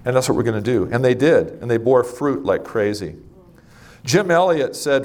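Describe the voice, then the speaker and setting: A middle-aged man preaching a sermon, emphatic, slowing down and speeding up for effect. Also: medium pitch, expressive. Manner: emphatic, varies pace and loudness for effect.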